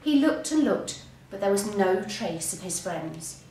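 Unhurried, expressive woman reading a story. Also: medium pitch, noisy background. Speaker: English teacher. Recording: roomy, distant mic.

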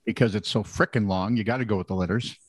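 A man's voice: on the low side, fast, no room sound. Wry man joking through odd news. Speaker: podcast co-host. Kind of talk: casual comedic news chat.

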